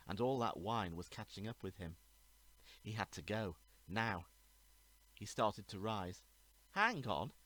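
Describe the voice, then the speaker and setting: A man, the author, reading his own murder mystery aloud in a measured, even narration. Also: fairly low pitch, rough recording. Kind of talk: storybook reading.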